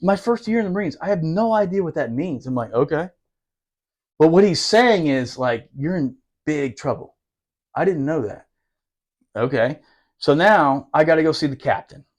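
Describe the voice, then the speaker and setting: A man's voice: fairly high pitch, expressive, normal speed. A man telling a rowdy, profane story about his Marine days, laughing as he goes. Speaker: podcast storyteller, former Marine. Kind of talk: casual storytelling.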